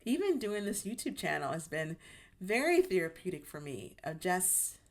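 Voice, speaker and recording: A woman hosting her own channel, talking in a gentle, reflective monologue about healing, with frequent restarts as she searches for words. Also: on the low side, big pitch swings, normal speed. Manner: gentle, self-reassuring, many restarts. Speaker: YouTube channel host.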